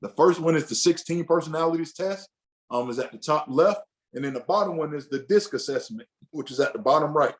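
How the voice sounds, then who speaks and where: Speaking in a fairly high voice, a man guides a men's group through a lesson in a relaxed, chatty manner. His delivery is animated and fairly quick, loose and full of restarted sentences, as he acts out what a husband might be thinking. It's a casual teaching session.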